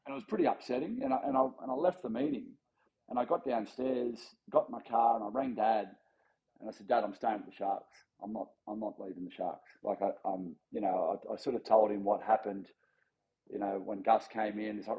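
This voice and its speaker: Recorded with dull audio, this Australian man in his forties speaks fairly quickly in a fairly low voice. A former rugby league player, he's a guest on a casual podcast, animatedly telling an anecdote with quoted voices and chuckles throughout.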